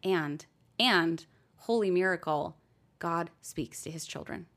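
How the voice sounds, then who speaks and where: Earnest woman, low voice, talking faith. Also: takes it slowly, fairly bright tone. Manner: earnest, acts out heartfelt prayers to God. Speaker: podcast co-host. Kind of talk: faith podcast chat.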